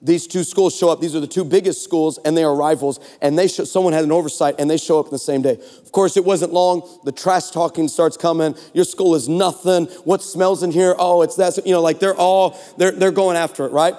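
A man in his forties giving a sermon as a guest preacher, telling funny stories in an animated, sarcastic way. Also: on the high side, brisk, hardly any pauses. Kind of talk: comedic storytelling sermon. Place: large church hall. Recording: long hall reverb.

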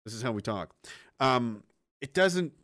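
Animated, swearing livestream host man. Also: medium pitch, a little slow, no echo, clean studio sound. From partly Nova Scotia, Canada. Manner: rambling, profane, animated, bursts into shouts. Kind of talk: casual profane livestream rant.

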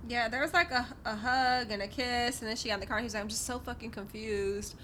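A woman's voice: fairly high pitch, fairly even intonation, fast talker, slight background noise. A woman co-hosting a podcast, chatting casually and jumping in to add details and quoted asides. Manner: bright, interjecting, adds details with quoted asides. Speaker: podcast co-host. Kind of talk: casual recap chat.

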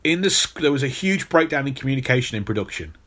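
A man's voice: mid-range voice, big pitch swings, fast talker, fairly bright tone. Male podcast host, casual storyteller, loose delivery with plenty of restarts. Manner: storytelling, repeats words when restarting.

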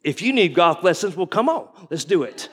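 A man's voice: sits high, very animated, a little fast, a bit bright, husky. A man in his forties, a guest pastor, preaching in a folksy, conversational way and asking the congregation questions. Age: 40s. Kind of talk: sermon. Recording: long reverb of a large hall.

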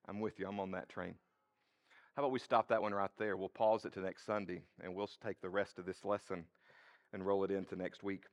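A male pastor preaching a sermon in church, speaking in a casual way and addressing the congregation directly. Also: mid-range voice. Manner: conversational and expressive, talks to the congregation directly.

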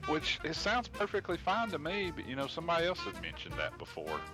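A man's voice: a little high, wildly swooping pitch, a little fast, over music. A man co-hosting a hobby podcast, offhand and laid-back, swearing casually. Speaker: podcast co-host.

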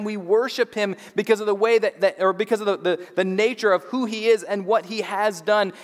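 High-voiced pastor in a church hall. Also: male voice. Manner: conversational with playful asides. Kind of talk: sermon.

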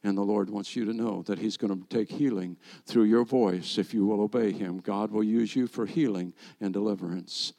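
A man's voice: lowish voice, normal speed, hardly any pauses. A middle-aged man, a rabbi, preaching a sermon and telling stories while acting out the dialogue. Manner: animated storyteller acting out dialogue. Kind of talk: sermon storytelling.

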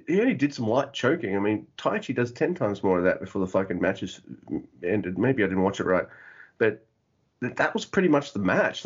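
A man co-hosting a podcast, recapping wrestling matches in lively, casual talk with swearing and laughs. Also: lowish voice, slightly rough. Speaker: podcast co-host. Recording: dull lo-fi audio.

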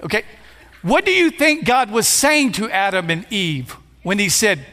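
A man in his fifties, a pastor, preaching a playful sermon that builds to shouts. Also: high voice, sing-song, unhurried. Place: church sanctuary. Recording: long hall reverb.

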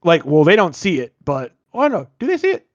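A man's voice: a little high, wildly swooping pitch, fast, dry recording, lo-fi sound. Rambling man recapping a movie. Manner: rambling, filler-heavy retelling with frequent "like"; swears casually. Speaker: podcast host.

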